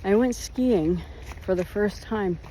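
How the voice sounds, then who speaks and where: This mid-range voice is slow and mellow, with a little background noise. It belongs to a vlogger walking outdoors and casually spinning meandering, self-deprecating tales.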